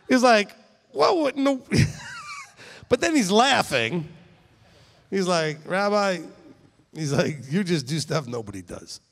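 A middle-aged man, the rabbi who founded the congregation, giving a conversational sermon in an emphatic manner, often checking in with listeners. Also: high voice. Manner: animated, emphatic, speaks directly to listeners with frequent "okay?". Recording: long reverb in a hall.

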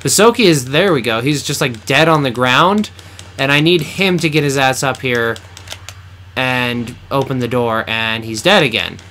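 A man's voice: mid-range voice, normal speed, pushed and bright, slight background noise. A man giving blunt, teasing commentary while playing through a video game with a friend. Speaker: game co-host. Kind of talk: let's play commentary.

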